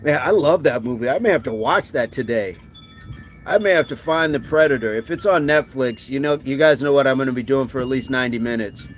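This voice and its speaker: A man's voice: medium pitch, a little hiss or hum. A man hosting a casual livestream, reading viewer comments aloud and answering them in a chatty, joking way while he does push-ups. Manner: chatty and joking, with quick asides and restarts. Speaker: livestream host.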